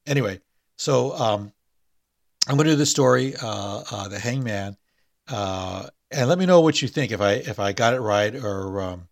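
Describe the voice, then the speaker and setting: A man's voice: lowish voice, animated, normal speed, creaky, no echo, clean studio sound. A man hosting a podcast, chatting hesitantly with many fillers and reading a spooky short story aloud. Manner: hesitant, full of fillers and restarts in chat.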